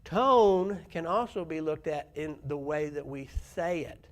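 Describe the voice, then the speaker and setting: A man's voice: fairly high pitch, animated, measured pace. A man preaching a sermon to a church congregation, conversational and often asking the listeners questions. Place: church sanctuary.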